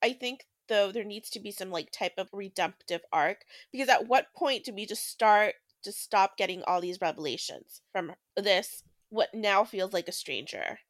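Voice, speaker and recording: A woman's voice: medium pitch, moderate pace, few pauses, no room sound. Dry-sounding woman chatting about books. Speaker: podcast co-host. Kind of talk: casual book discussion.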